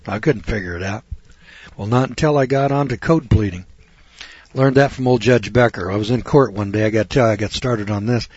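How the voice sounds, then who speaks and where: A middle-aged man lectures on scripture in a folksy, sarcastic, storytelling manner. His voice is husky and sits at an ordinary pitch. The recording is dry and dull, with a lo-fi sound. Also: a little fast, a little mellow, dry recording. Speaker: lawyer teaching scripture.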